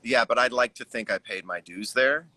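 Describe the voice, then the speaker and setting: Bright-voiced American man, relaxed and reflective. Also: medium pitch, normal speed, no room sound, low-quality recording. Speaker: musician discussing his record. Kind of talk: casual conversation on a livestream. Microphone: video call.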